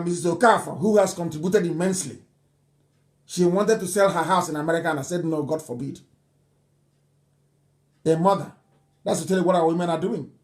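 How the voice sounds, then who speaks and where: A man's voice: sits high, a little mellow. A Nigerian man hosting a live broadcast, speaking emphatically and repeating his points insistently. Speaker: broadcast host. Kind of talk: live radio broadcast address.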